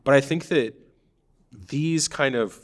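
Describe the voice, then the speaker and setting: A man's voice: mid-range voice, slow pace. A man co-hosting a casual talk about startups, telling stories animatedly, acting out quoted founders and laughing often. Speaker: startup advisor, co-host. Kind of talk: casual conversational podcast.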